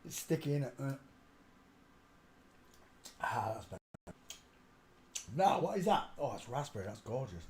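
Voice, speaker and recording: A man's voice: mid-range voice, sing-song, moderate pace, pauses often, a little mellow, slight background noise. An older man hosting a rambling live stream from his home desk, chatting, greeting viewers and humming to himself as he clicks around. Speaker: livestream host.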